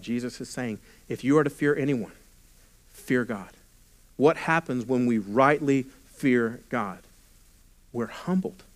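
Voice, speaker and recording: A pastor preaching a sermon, reading scripture and explaining it, often dropping to a quiet, intimate tone and then rising with force. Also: male voice, mid-range voice. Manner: preaching with sudden drops to a hushed voice and swells in volume.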